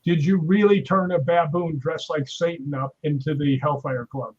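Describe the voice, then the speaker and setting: A man's voice: fairly high pitch, moderate pace, lo-fi sound. A man telling stories in casual chat on a live stream, acting out the voices he quotes. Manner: animated storyteller, acts out quoted voices. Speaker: guest.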